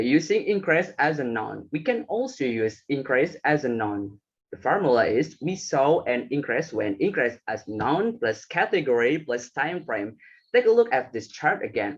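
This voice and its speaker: A man's voice: mid-range voice, slightly rough, dull audio. A young man giving a class presentation, reading from slides with some hesitant fillers. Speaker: student presenter.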